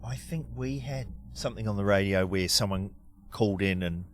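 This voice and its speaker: A man's voice: on the low side, normal speed, soft background music. A man hosting a podcast, chatting casually in an easygoing, wry way. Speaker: podcast host. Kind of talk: casual chat.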